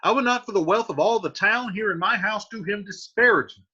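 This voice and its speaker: A man's voice: high-pitched, a little fast, sharp tone, husky, lo-fi sound, pitched above the performer's own voice, full character voice. A man voicing a commanding older head of a household who scolds a younger relative with authority. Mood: placating.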